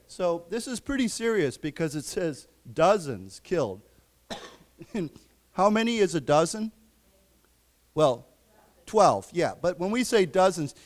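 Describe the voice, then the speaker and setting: A man teaching a live English class, slowly explaining vocabulary and quizzing his students. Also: on the high side, darkish tone. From United States. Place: library lecture room.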